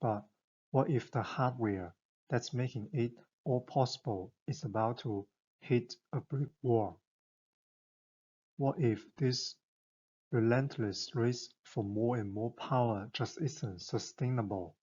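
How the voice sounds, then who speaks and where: Slow, husky male explainer narrator. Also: medium pitch, warm tone, highs cut off. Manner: enthusiastic, conversational, rhetorical questions.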